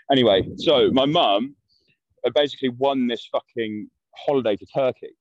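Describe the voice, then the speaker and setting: A London man appears as a podcast guest, telling a story bluntly and ramblingly with plenty of swearing. His mid-range voice keeps a moderate pace with no echo. The podcast audio is dull, dry and lo-fi.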